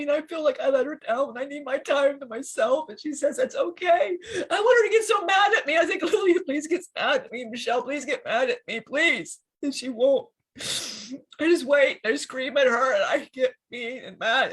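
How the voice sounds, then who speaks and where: A woman's voice: sits high, lightly acted. A woman channeling a grieving fallen archangel. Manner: tearful, halting, breaking into crying laughter. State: crying. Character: grieving fallen male archangel, hurt and furious. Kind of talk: spiritual channeling session.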